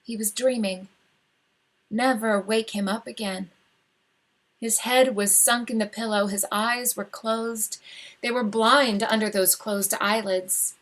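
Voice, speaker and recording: A woman reads a short story aloud at a slow, lingering pace, her voice hushed and tender. Her voice sits a little high, and she reads live over a video call. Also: fairly even intonation. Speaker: reader. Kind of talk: literary reading.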